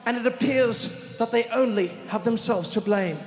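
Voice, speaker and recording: A comedian voicing a solemn male TV news reporter in the field, with a measured broadcast delivery. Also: very high-pitched, voice pushed up. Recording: echoey hall, faint ambience.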